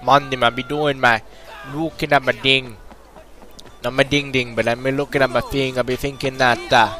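A man's voice: medium pitch, little pitch movement, normal speed, pushed and bright. A man commentating a video game walkthrough in a playful tough-guy persona full of street slang. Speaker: gameplay commentator. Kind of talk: let's-play commentary. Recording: game music clearly behind voice. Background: game music.

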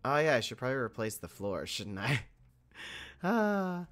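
Chatty woman thinking aloud with lively pitch. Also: normal speed, faint music behind. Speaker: host. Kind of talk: casual building commentary.

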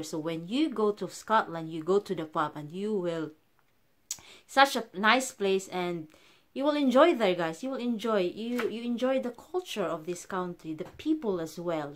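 Chatty woman vlogger, lowish voice. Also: fairly bright tone. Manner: chatty, keeps calling viewers "guys"; halting, frequent restarts. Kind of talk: casual chat to camera.

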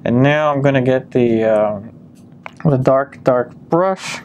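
A man calmly talking through a painting demonstration step by step, often pausing with ums as he works. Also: mid-range voice, dull audio, slight background noise. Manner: calm step-by-step explaining with frequent ums. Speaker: painting instructor.

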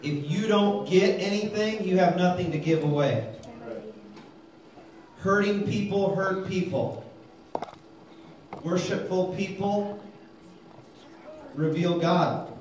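A man preaching a lively sermon, calling for amens and telling jokes, recorded in a church hall. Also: a little high, slight background noise. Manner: energetic, calls for amens, tells jokes. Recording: very echoey hall, mic far off.

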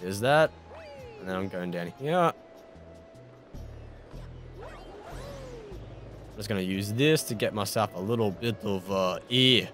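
A man's voice: on the low side, wildly swooping pitch, slow pace, pauses often, fairly bright tone, soft background music. An Australian man giving casual, self-mocking commentary as he plays a video game, swearing mildly and laughing at his own mistakes. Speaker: gaming YouTuber. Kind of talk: casual let's-play commentary.

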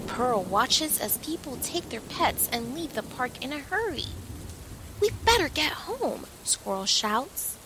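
A woman reading a children's picture book aloud, with gentle, expressive storytelling. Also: sits high, noisy background. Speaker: storybook reader.

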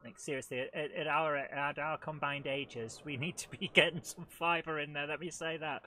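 A man's voice: a little high, fairly even intonation, normal speed, sharp tone, a little hiss or hum. A middle-aged man hosting a live let's-play, chatting and joking at his own expense. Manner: chatty, self-deprecating, talks to the game. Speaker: host of a retro gaming channel.

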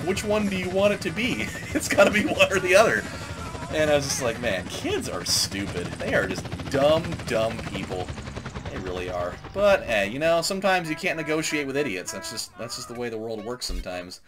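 A man's voice: on the high side, sing-song, brisk, music in the background. A man hosting a let's play, telling rambling stories over gameplay and laughing often. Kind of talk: casual gameplay commentary.

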